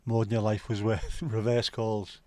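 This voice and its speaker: A middle-aged man speaking in a South Liverpool Scouse accent hosts a livestream, chatting casually through rambling, sweary stories. His voice sits on the low side with little pitch movement and a dark tone, at normal speed, with no room sound.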